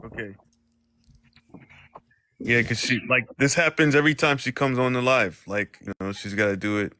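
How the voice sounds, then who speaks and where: A man's voice: mid-range voice, moderate pace, bright, forceful tone, dry recording, studio quality. A man chatting casually on a live stream in a laid-back, slangy way.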